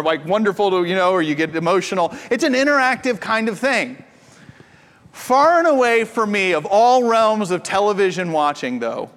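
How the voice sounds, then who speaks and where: Male pastor, high voice, animated storytelling sermon, long reverb of a church hall. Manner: animated storytelling with playful asides.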